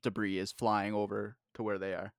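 A man's voice: on the low side, flat delivery, moderate pace, no echo. Casual rambling man, dry mic. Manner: rambling, profane, joking. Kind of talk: casual chat.

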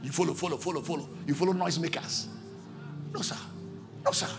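Nigerian man, pastor preaching a sermon; high gravelly voice, shouts then pleads. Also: fairly even intonation, fast, music in the background. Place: church service.

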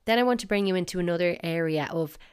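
A woman's voice: fairly low pitch, quick pace, a little mellow, smooth. A young woman with a South Dublin Irish accent hosting a casual solo podcast, chatty and wry, acting out phrases as she goes. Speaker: podcast host.

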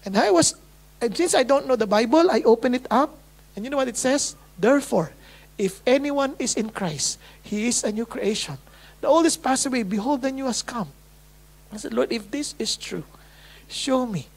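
A woman's voice: fairly high pitch, lively intonation, moderate pace. A woman from the Philippines with a Filipino accent, preaching a testimony in a sermon and acting out her own past prayers with dramatic quoted lines. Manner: swings between hushed and loud.

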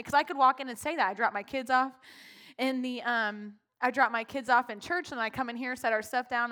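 In an unscripted church talk, a woman leading worship speaks with emotion, laughing often and filling her sentences with "like." Her voice is on the high side, with a bright and forceful tone, in the church sanctuary.

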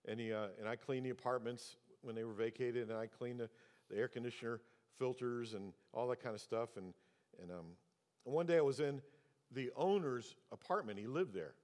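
A man in his sixties preaching a sermon, telling a story and acting out its dialogue. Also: moderate pace. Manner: storytelling, acts out dialogue with pitch jumps. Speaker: pastor. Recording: long hall reverb.

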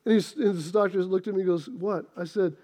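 A man preaching a sermon, telling stories with animated swings from loud outbursts to quiet asides. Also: sits high, brisk. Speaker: pastor.

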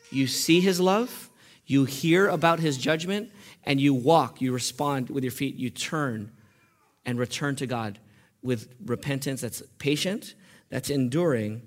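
A male pastor preaching a sermon, quizzing his congregation with questions and building to loud, impassioned peaks. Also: medium pitch, measured pace. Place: church.

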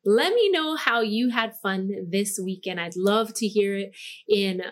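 A woman's voice: medium pitch, a little slow. A woman podcast host in Hawaii giving a casual motivational talk, bubbly, laughing often and saying "like" a lot. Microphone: microphone.

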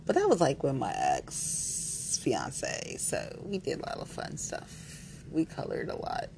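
A woman's voice: rumbling low, huge pitch swings, slow, vocal fry, noisy background. A woman chatting candidly to camera, rambling and playful, frank and a little giggly, with lots of "like.". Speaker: vlogger. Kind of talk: candid casual chat to camera.

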